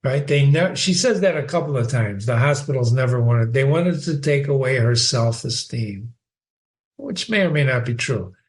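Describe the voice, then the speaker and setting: A man's voice: mid-range voice, animated, moderate pace. A man giving a casual spoken analysis of a short story, teaching by asking rhetorical questions. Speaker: literature teacher.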